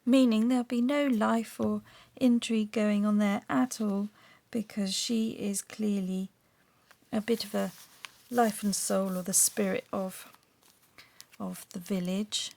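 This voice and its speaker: A middle-aged woman with a Surrey and Sussex English accent, talking softly and often half-whispering as she narrates a craft journal video and reads aloud. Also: medium pitch, fairly even intonation, takes it slowly, vocal fry, pauses often. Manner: soft-spoken, often drifting into a half-whisper. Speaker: craft vlogger.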